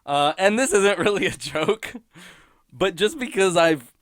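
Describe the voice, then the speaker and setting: A man's voice: high-pitched, lively intonation, unhurried, fairly bright tone, dry recording, studio quality. A man hosting a solo podcast, talking through a cartoon episode in rambling, wry commentary and often cutting himself off. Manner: rambling, self-interrupting, wry, laughs at own points. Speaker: podcast host reviewing episodes.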